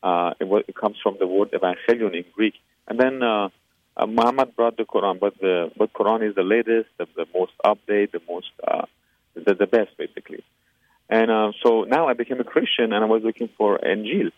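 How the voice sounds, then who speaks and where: An earnest man tells his personal faith story as an interview guest, often pausing and searching for words. His voice sits fairly low. The sound comes through a tinny, dry phone line. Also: no echo. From Iran. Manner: earnest, with frequent hesitations and fillers.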